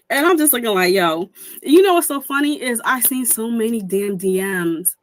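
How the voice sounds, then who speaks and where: A woman's voice: fairly high pitch, expressive, normal speed, no echo. A young woman streamer giving heated commentary, indignant and swearing, mimicking people she quotes.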